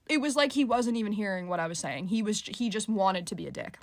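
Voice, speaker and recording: A woman's voice: mid-range voice, animated, fast talker, bright, forceful tone, dry recording. A woman in her twenties telling a story in a casual, exasperated, venting way. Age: 20s. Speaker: college student storyteller.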